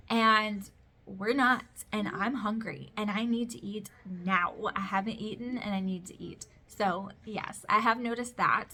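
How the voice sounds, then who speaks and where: A woman's voice: medium pitch, a bit bright, a little hiss or hum. A woman in her thirties giving a casual, candid vlog update at home, chatty and full of fillers and restarts. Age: 30s. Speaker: vlogger. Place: home with kids heard in the background.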